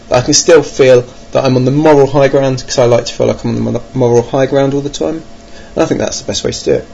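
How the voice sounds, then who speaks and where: Over faint noise in a dull, lo-fi recording, an English man who vlogs about board games muses on his gaming plans in a hesitant, self-mocking ramble packed with ums. His mid-range voice sounds creaky yet mellow, and his manner is wry.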